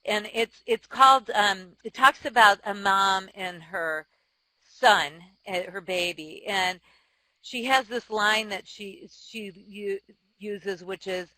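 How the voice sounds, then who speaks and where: A woman in her forties, a company chief and author, answering interview questions with frank, self-deprecating stories, quick laughs and restarts. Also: medium pitch, sharp tone, rough recording. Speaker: company CEO and author, guest. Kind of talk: candid interview storytelling.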